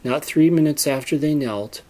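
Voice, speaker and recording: A man narrating a storybook in a steady, measured reading voice. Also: fairly high pitch.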